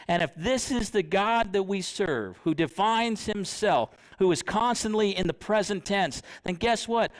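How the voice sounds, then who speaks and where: A young man preaching a sermon in church, conversational, often asking the congregation questions. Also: high voice.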